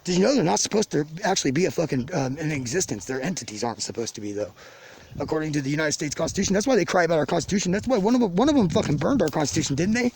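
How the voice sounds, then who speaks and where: A man's voice: on the high side, expressive, rapid-fire, gravelly, darkish tone, slight background noise. A man on a profane drunken rant, swearing constantly and rambling angrily to the camera of his own video channel. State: drinking, tipsy. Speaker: vlogger ranting to his channel. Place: outdoors in the country near a garage.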